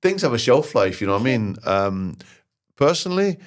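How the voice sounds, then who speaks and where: A middle-aged Scottish man, a podcast guest, telling lively anecdotes and jokes in casual conversation. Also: mid-range voice, normal speed. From Scotland. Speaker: podcast guest, comedy writer and actor. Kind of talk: casual interview chat.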